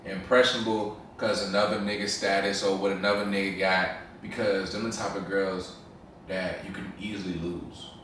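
A deep-voiced young man talks in slangy, stammering bursts as a casual host. He sits far from the mic in a very echoey room with clear noise behind him. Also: level tone, moderate pace, fairly bright tone. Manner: slangy, stammers on repeated words. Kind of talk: casual, explicit chat.

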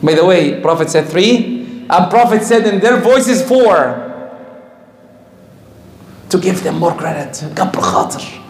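A man whose first language is Arabic, preaching a storytelling sermon in English in an animated way, acting out the speech of the people in his stories. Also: sits high, slow pace, pauses often. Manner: animated, acts out quoted speech, loose grammar. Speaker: Islamic preacher. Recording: echoey room.

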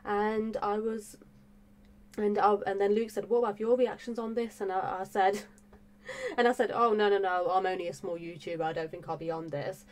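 A woman's voice: mid-range voice, normal speed, darkish tone. A woman vlogging in a gushing, breathless way, full of fillers and repeated exclamations about her reaction channel. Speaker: music reaction YouTuber. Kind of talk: excited casual vlog talk.

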